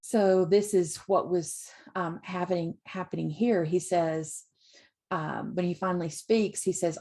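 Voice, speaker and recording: A woman who teaches literacy, retelling picture books for teachers in a slow, relaxed way with many ums. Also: lowish voice. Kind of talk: informal book talk to teachers.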